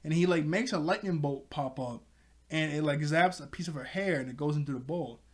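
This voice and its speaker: A man's voice: a little high, fairly quick. A man casually recapping a cartoon episode, rambling with many fillers and frequent laughs.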